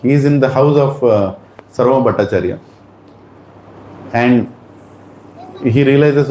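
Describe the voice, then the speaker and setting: A man giving an animated storytelling sermon at a temple Sunday feast, acting out the lines of the people in his story. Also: mid-range voice, a little slow, long pauses. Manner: animated, acts out dialogue in changing voices. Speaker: devotional speaker. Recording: echoey hall, faint room noise.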